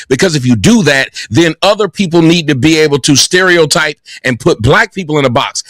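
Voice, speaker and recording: A man's voice: on the high side, a bit bright, no echo, studio quality. A man hosting a streamed panel, arguing his point hard and challenging his guests. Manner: argumentative, challenging. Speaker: host of a reaction stream. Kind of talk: heated panel debate.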